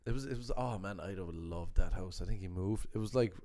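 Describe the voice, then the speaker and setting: A man's voice: low voice, a little fast, mellow. A man, a comedian and podcast host, telling rambling stories in casual chat and laughing often. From Ireland.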